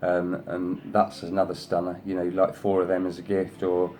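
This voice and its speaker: A man's voice: completely flat delivery, normal speed, mellow, slight background noise. A man hosting a craft video, showing design samples in a casual, rambling way and praising each one at length. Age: adult, sister past thirty. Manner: effusive, rambling with many "you know"s; coaxes his pet in a higher voice. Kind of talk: casual show-and-tell.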